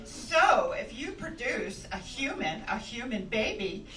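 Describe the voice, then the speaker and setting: A middle-aged woman delivers a stand-up set, wry and conversational with frequent laughter. Her voice sits high and swings widely, and she takes her time. It is heard from a distance in a roomy club, with audience laughter clearly audible around her. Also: big pitch swings, slow, sharp tone, a little hiss or hum. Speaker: stand-up comedian. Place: comedy club stage.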